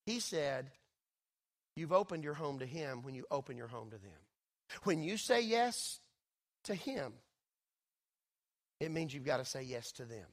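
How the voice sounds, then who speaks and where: Male preacher, high voice, works the room with big swells and quiet drops. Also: expressive, moderate pace, long pauses. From Texas. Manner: swells loud and high, then drops soft and intimate. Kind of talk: sermon. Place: church sanctuary.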